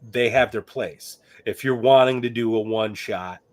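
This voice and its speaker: Male podcast co-host, relaxed, chatty and a little teasing. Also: mid-range voice, a little slow. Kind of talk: casual chat.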